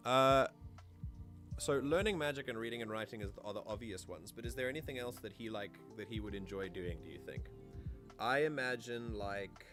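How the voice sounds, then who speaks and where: A man's voice: fairly low pitch, a bit bright. A man streaming, chatting casually and thinking aloud as he plans out a game character. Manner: musing aloud, easygoing. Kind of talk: casual livestream chat.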